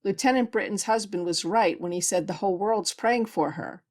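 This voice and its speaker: A woman reading a brisk communications officer. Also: mid-range voice, a little mellow, close to an everyday voice.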